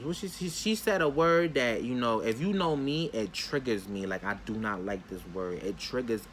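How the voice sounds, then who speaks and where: Animated young man telling a story. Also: mid-range voice, normal speed, few pauses, slight background noise. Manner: animated, talks straight to viewers; casual slangy storytelling. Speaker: vlogger. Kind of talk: storytime vlog.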